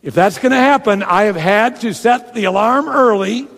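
A man's voice: sits high, normal speed, vocal fry, few pauses, fairly bright tone. Man preaching in a reverberant hall. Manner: conversational, teaching with demonstrations. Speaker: pastor. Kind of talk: sermon. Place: large church hall. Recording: long reverb of a large hall.

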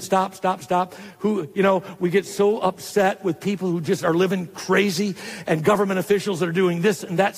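A male pastor preaching a sermon to a live congregation, getting excited as he goes. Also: sits high, brisk, big-room sound. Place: church hall.

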